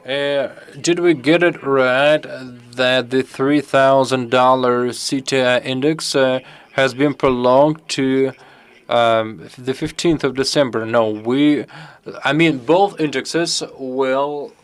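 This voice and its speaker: Guy interpreting a q&a live, slow and halting, smooth voice. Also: medium pitch, steady tone. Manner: halting, picks words as he goes.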